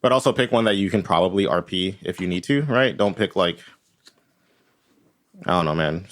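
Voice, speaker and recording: In a low-pitched, fairly bright and animated voice, a man at normal speed guides players as a tabletop game master. His talk rambles casually, with "right?" tacked onto his points.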